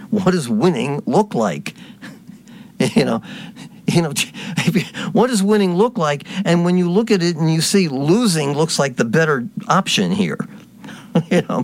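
A man's voice: medium pitch, sing-song, measured pace. A man giving political commentary, reading posts aloud in a sarcastic, mocking way.

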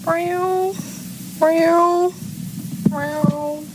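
A woman voicing a woman who has been turned into a house cat, meowing loudly and playfully. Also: fairly even intonation, extremely slow, very noisy, exaggerated voice. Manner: loud high playful meowing.

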